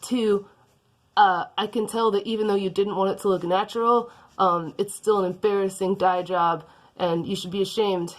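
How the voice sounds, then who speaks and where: A woman's voice: medium pitch, fairly even intonation, normal speed, natural voice. A woman voicing a smug, boastful male supervillain who scorns others. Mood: scornful.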